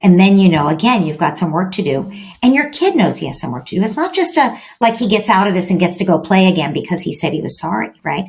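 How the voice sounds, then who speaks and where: A woman's voice: on the low side, big pitch swings, fast, gravelly. Woman explaining, tagging points with "right?". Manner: acts out gentle parent-child dialogues. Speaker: parenting expert guest. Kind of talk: podcast interview advice.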